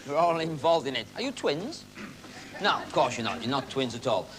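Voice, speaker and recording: Lively, teasing comic magician. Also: male voice, mid-range voice, moderate pace, noisy background. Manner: cheeky, teasing banter with audience volunteers. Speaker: magician and comedy host. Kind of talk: stage comedy patter with audience participation. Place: television studio stage with a live audience.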